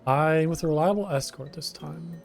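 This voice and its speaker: A man reading aloud a friendly letter from a male adventurer, in an even reading voice. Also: on the high side, moderate pace, gravelly, soft background music. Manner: read aloud evenly from a letter.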